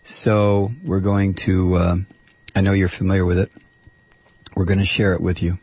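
Talk radio host, male, husky voice, dry studio sound, loose rambling delivery. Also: deep voice, level tone, moderate pace, darkish tone, dry recording. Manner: rambling, many restarts and fillers. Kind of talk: casual call-in radio talk.

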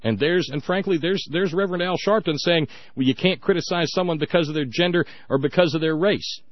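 A man's voice: a little high, a little fast, no echo, highs cut off. A man hosting a radio talk show, giving sarcastic, emphatic commentary with frequent restarts.

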